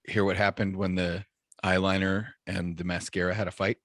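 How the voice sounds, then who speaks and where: A man's voice: sits low, little pitch movement, moderate pace, a bit bright, no room sound, clean studio sound. A man co-hosting a podcast, telling jokes in a laid-back, chuckling way. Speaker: podcast co-host. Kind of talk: casual joke-telling chat.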